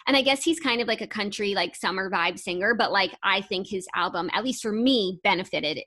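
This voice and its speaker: Young woman co-host, mid-pitch, loose rambling chat with restarts. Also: a little fast, bright, forceful tone. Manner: rambling, self-interrupting, reads stories aloud. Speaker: podcast co-host. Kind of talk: casual chat.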